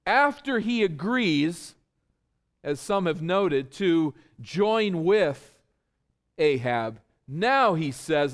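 A man's voice: a little high, big pitch swings, slow. A man preaching an expository sermon. He explains step by step and puts rhetorical questions to his listeners with emphasis.

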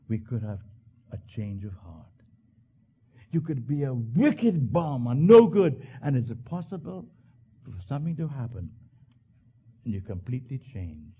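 A male pastor preaching a sermon, swinging from hushed low lines to loud high bursts. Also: narrow, tinny audio, slight background noise.

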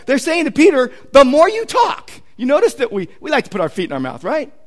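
Animated high-voiced Southern California pastor. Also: male voice, fast talker. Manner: animated, acts out quotes with sudden loud outbursts; conversational, repeats words while searching for them. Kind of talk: sermon.

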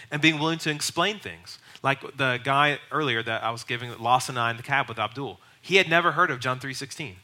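Bright-voiced young pastor teaching conversationally. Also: male voice, medium pitch. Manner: conversational, acts out quoted voices. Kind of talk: sermon teaching.

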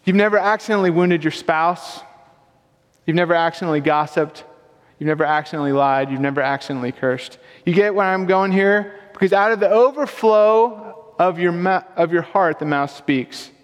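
A man's voice: sits high, normal speed. A young man preaching a sermon as a pastor, casual and conversational with self-deprecating humor. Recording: long hall reverb.

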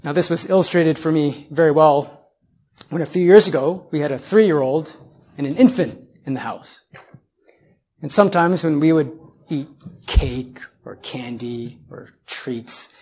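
A man's voice: fairly high pitch, animated, measured pace, a little mellow. A man in his thirties preaching a sermon as a pastor, building on repeated phrases and putting rhetorical questions to his congregation.

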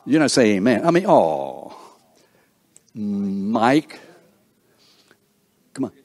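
A man's voice: lowish voice, big pitch swings, extremely slow, darkish tone, no echo. An older man hosting a seniors breakfast, introducing guests one by one with playful teasing and stumbling over names. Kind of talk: introducing people in a room, joking.

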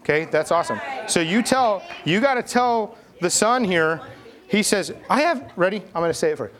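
A man's voice: high voice, animated, a little fast, a bit bright, a little hiss or hum. A man telling a Bible story to children in a playful, chatty way, directing kid volunteers. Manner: playful, chatty, coaxing kids. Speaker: pastor leading a children's message.

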